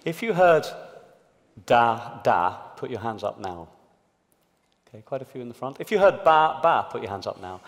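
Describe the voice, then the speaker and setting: A man giving a public talk to a live audience in a large hall, explaining an experiment in a lively way. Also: mid-range voice, a little fast. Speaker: panelist. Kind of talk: public talk at a debate event. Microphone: amplified stage microphone. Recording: long hall reverb.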